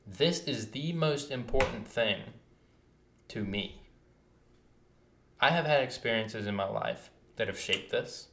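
A man's voice: mid-range voice, lively intonation, slow, pauses often, a bit bright, a little hiss or hum. A man co-hosting a casual podcast, talking in a passionate, emphatic, ranting way. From United States. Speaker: podcast co-host. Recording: roomy echo.

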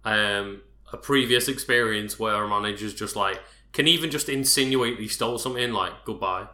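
A man's voice: on the low side, moderate pace, pushed and bright. A man chatting casually as co-host, reacting to a story. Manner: reactive, frequent agreeing interjections. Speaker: podcast co-host. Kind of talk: casual chat. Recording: echoey room.

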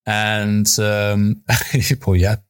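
A man's voice: lowish voice, monotone, very slow, clean tone. A man, a chef and podcast co-host, telling a story in casual chat, often laughing and swearing casually.

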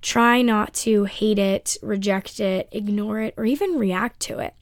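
A woman hosting a solo spiritual podcast, speaking unedited while under the weather, with a strained voice, ums and long pauses. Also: mid-range voice, no room sound, studio quality. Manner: reflective, rambling with ums and pauses. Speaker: podcast host.

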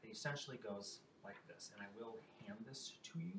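A man's voice: on the low side, expressive, a little fast, creaky, a little hiss or hum. Man narrating a tabletop game from afar. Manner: storytelling with casual asides. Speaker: game master. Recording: roomy, distant mic, loud background ambience.

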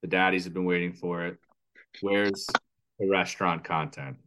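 Male podcast co-host, low register, chatty animated storyteller. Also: moderate pace, background noise. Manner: animated storytelling, acts out kids and cashiers. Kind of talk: casual chat.

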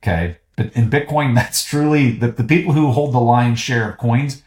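A man with a Southern US accent talks in a middle-pitched voice, emphatic and fired up, with a teasing edge. He is a podcast guest in casual conversation, recorded in a roomy space with a noticeable echo. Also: normal speed, a little mellow.

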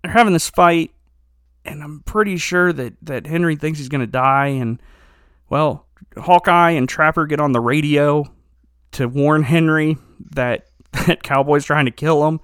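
A podcast co-host recaps a TV episode in casual chat, telling it animatedly, acting out quotes and laughing often. His voice is fairly high and a little slow with a clean tone, recorded at studio quality with no room sound.

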